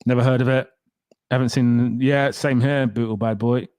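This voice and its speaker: A man's voice: mid-range voice, fairly even intonation, moderate pace, darkish tone, clean tone, dry recording. A young man chatting casually on a live stream, reading out and reacting to viewers' comments with wry humor.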